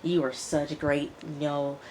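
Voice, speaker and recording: A woman casually recapping a TV episode, chatty and animated, acting out the characters' lines as she tells it. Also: low voice, moderate pace, slight background noise. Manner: chatty, animated retelling with quoted dialogue. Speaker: TV show reviewer.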